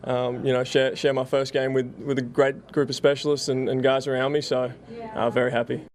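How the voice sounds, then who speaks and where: Young Australian punter, flat halting speech. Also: male voice, medium pitch. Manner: halting, lots of fillers and restarts. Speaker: football punter, interview guest.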